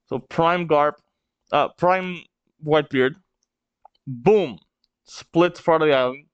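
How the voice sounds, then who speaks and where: A man hosting a casual manga read-along reaction, narrating excitedly with gasps and exclamations, in a dull lo-fi recording. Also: on the high side, a little slow, smooth, no echo. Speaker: manga reaction channel host.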